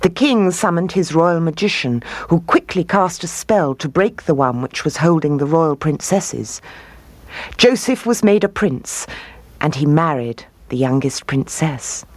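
A woman reading a fairy tale aloud in an expressive, lilting storybook manner. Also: low-pitched, unhurried, no room sound.

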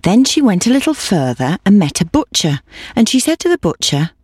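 A woman reading a repeating folk tale aloud in a steady, rhythmic storytelling manner. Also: mid-range voice, fairly quick, slightly rough, dry recording, studio quality.

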